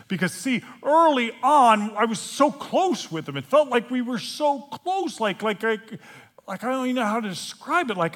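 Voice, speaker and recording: A man preaching a storytelling sermon, animated and playful, acting out the scenes and stumbling over restarts. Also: fairly high pitch. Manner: halting, with frequent restarts.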